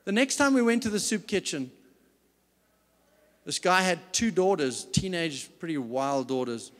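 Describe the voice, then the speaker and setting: A man with a notably high voice delivers a faith-based business talk as a company CEO. He tells stories earnestly, with emphatic stress. The sound comes from a large event hall with a long, lingering reverb. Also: lively intonation, a little slow, fairly bright tone.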